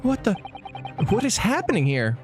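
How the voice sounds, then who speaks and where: A woman's voice: medium pitch, wildly swooping pitch, moderate pace. A woman voicing a young male defense lawyer, anxious and exclaiming. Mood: worried. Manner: worried, exclaiming. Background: game music.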